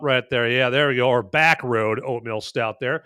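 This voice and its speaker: Speaking at normal speed with hardly any pauses, this man has a medium-pitched voice that sounds pushed, bright and smooth in a dry, clean studio recording. He's the jokey, enthusiastic host of a laid-back movie and beer review show, rambling to camera with plenty of fillers and recurring tags such as "okay?".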